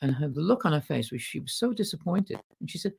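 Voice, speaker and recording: A man's voice: a little high, very animated, fast, creaky, breathy edge, poor audio. A man, a podcast guest, telling a story in casual conversation and acting out the people he quotes.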